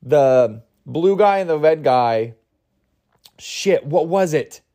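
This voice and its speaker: A man's voice: a little high, animated, takes it slowly, dark tone. A man hosting a solo comedy podcast, rambling and crude with self-mocking humor, groggy from an early start. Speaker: podcast host.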